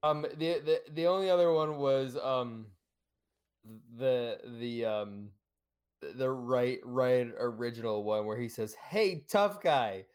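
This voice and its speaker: Casting: male podcast co-host, laid-back and amused, mid pitch. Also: steady tone, slow, a little mellow, smooth. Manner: amused, laughs at dialogue, reads from notes. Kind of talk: casual film review chat.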